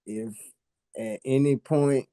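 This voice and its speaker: Man, panelist, hesitant, slow pace, mellow dark tone. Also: mid-range voice, fairly even intonation. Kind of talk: casual panel discussion.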